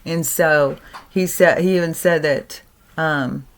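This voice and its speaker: A woman vlogger recounts a story in a relaxed, chatty way, animated and quick to laugh. Her voice sits on the low side for a woman. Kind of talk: casual storytelling.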